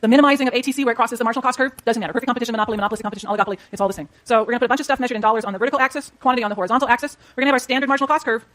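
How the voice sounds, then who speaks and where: A middle-aged woman lecturing on economics at a very quick clip. Her voice sits a little high, and she walks the class through each graph as she draws it. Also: steady tone, fairly bright tone. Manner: brisk, explains while drawing graphs, talks to students.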